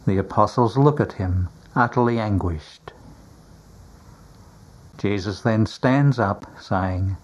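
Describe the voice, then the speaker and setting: A man reading a religious story aloud in a grave, measured manner. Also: lowish voice, darkish tone, muffled recording. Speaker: narrator. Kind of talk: scripted religious narration, audiobook reading.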